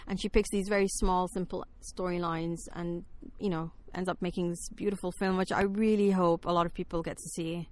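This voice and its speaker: A woman's voice: fairly low pitch, flat delivery, fairly quick, few pauses, a little mellow. A woman talking enthusiastically about films in a casual discussion, often saying "like". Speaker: film podcast guest.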